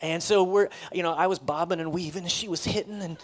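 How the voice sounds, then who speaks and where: A man's voice: sits high, fairly even intonation, quick pace. A middle-aged man preaching as a pastor, telling a personal story in a conversational, self-deprecating way and laughing often.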